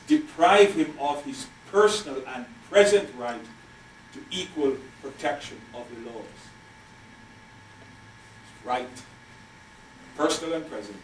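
Older male professor, measured emphatic delivery, distant mic in an echoey lecture hall with faint noise. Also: fairly high pitch. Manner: measured, emphatic, repeats key phrases. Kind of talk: university lecture.

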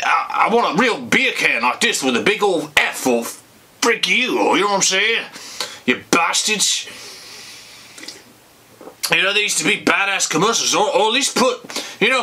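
A man rants to the camera in a comic drunken tirade, rambling, swearing and circling back on himself. His voice is husky yet very bright and cutting. He slurs and gets emotional, and he keeps calling his listeners folks. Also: mid-range voice. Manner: rambling, profane, repeats "folks" and "you bastards". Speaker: comedy vlogger.

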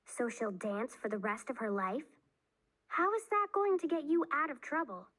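A woman's voice: high-pitched, lively intonation, normal speed, fairly bright tone, voice pushed up. A woman reading aloud, voicing a serious young girl who plays at being a witch, earnest and a bit bossy. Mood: chatty.

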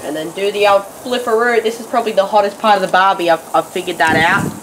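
A woman with an Australian accent doing a jokey, slang-heavy comedy how-to vlog with excitable exclamations, outdoors in a backyard. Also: mid-range voice, quick pace, background noise. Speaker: comedy vlogger. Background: sizzling food on a grill.

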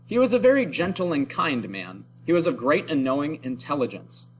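A man voicing a gentle town mayor who speaks calmly and simply in a story read-aloud. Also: fairly high pitch, brisk, a little hiss or hum, low-quality recording. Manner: calm and simple.

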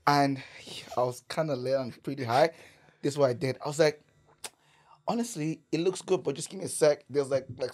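A man from Canada telling a wild story as a podcast guest, swearing, laughing and filling his talk with "like". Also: mid-range voice. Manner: animated, swearing, laughing storyteller with many "like" fillers. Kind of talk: casual storytelling.

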